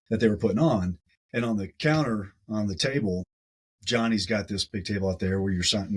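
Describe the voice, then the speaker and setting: A man, a guest on a podcast, telling a story in a casual, animated way and often repeating his words. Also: fairly low pitch, breathy edge, poor audio.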